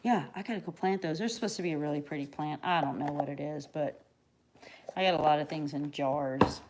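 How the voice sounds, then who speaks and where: A middle-aged American woman hosting a craft livestream in a chatty, rambling way, dropping to soft mutters and then bursting out loud. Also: low-pitched, brisk, slight background noise. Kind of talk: casual live-stream chat.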